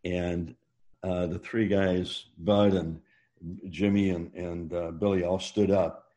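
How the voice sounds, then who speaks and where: Taking his time, a deep-voiced man with a mellow, dark tone shares lengthy family anecdotes as a guest in a laid-back interview. His storytelling wanders, with frequent restarts and fillers like "uh" and "you know."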